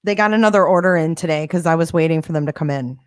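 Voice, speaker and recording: A woman's voice: deep voice, quick pace, no echo, clean studio sound. A woman hosting a casual livestream, answering viewer comments in a sarcastic, defensive way. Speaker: livestream host.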